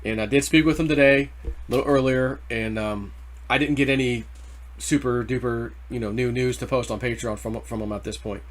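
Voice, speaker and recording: A man hosting a casual crypto video, rambling through price talk in loose slang and getting worked up over the numbers. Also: mid-range voice. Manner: rambling, excitable, quick to get worked up over price ticks. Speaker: crypto channel host. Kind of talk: casual market commentary.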